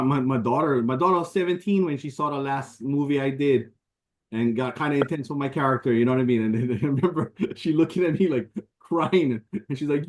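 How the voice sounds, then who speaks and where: Easygoing man with Hawaiian Pidgin accent. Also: medium pitch. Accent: Hawaiian Pidgin English. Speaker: host. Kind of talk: casual chat.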